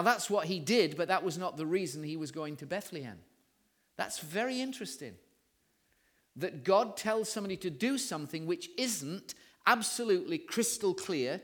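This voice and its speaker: A man with an English accent giving a sermon, telling a story and reading scripture aloud. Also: a little high. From England. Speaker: preacher.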